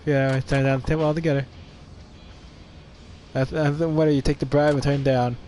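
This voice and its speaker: A man's voice: fairly high pitch, little pitch movement, normal speed, a little mellow, slight background noise. Playful male streamer reading a game aloud. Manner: playful, laughs between lines. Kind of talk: reading game dialogue aloud with live commentary.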